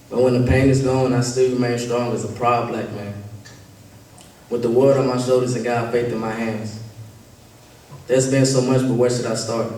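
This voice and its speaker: A teenage boy reciting his own spoken word poem at a school slam, earnest and steady. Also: mid-range voice, a little hiss or hum. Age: teens. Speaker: student poet. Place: school auditorium. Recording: echoey hall from far off.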